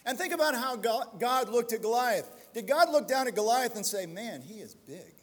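High, lively preacher man in a hall. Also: a little fast. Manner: emphatic, building to loud exhortation; self-deprecating storytelling asides. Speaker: pastor. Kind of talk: sermon.

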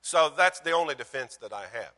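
A man preaching a sermon as pastor, swinging from loud emphasis to hushed lines and telling folksy, self-mocking stories. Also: a little high, expressive, brisk, long reverb tail.

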